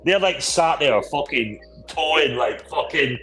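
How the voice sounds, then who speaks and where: A man's voice: fairly high pitch, expressive, takes it slowly, a bit bright, soft background music, low-quality recording. A man hosting a casual drinking chat, boisterous and rambling with heavy swearing. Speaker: podcast host.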